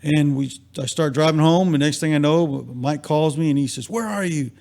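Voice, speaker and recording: A man's voice: fairly high pitch, steady tone, moderate pace, creaky, a little mellow. A man on a live talk stream, telling a long casual anecdote and acting out the quotes, rambling and repeating himself. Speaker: guest. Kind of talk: casual storytelling.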